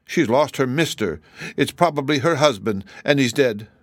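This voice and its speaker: A mild, knowing old wizard explains things calmly in a lively voice, as a narrator puts him on. It is a storybook reading with a close, dry sound. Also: male voice, mid-range voice, moderate pace, no room sound, voice pushed up, close to an everyday voice. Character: knowledgeable, mild older man wizard.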